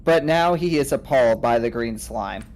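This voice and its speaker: A man's voice: mid-range voice, expressive, moderate pace, vocal fry, darkish tone, slight background noise. A man playing in a tabletop game, narrating his character's actions comically. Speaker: player.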